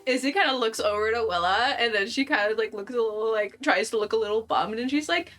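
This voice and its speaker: Bright-voiced woman player chatting. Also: fairly high pitch, fast, few pauses, faint music behind. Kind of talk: tabletop game play.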